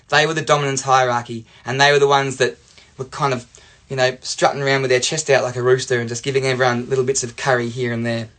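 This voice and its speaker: A young Australian man telling a personal story to camera in a chatty, animated way, full of "you know" and "like". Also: medium pitch. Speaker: life coach.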